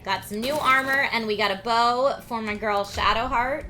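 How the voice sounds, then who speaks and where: A woman streamer talking her way through a video game live, thinking aloud with quick laughs. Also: fairly high pitch, pushed and bright. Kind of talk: live gameplay commentary. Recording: game music playing behind.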